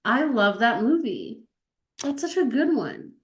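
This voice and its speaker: Brief: animated, chatty female co-host with a fairly high voice, heard over a roomy video call. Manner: animated and chatty, quick to laugh. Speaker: stream co-host. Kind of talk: casual chat.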